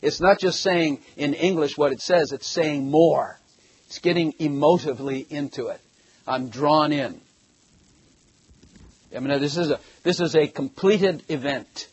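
An older man with a husky voice giving a rambling, emphatic Bible class, reading scripture and commenting, sometimes rising to loud bursts. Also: fairly high pitch, low-quality recording. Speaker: Bible teacher. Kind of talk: conversational sermon, reading scripture.

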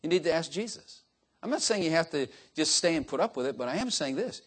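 A man's voice: fairly high pitch, expressive, quick pace, breathy edge. An older man preaching an informal sermon, folksy and joking, often turning to the congregation with "Amen?". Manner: folksy, joking asides, frequent "Amen?" to the crowd.

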